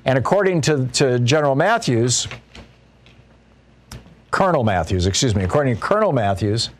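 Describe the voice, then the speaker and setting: A man's voice: mid-range voice, big pitch swings, normal speed, slight background noise. A man hosting a political talk show, commenting casually with frequent restarts and mocking asides. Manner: conversational, restarts often, mocking quoted voices.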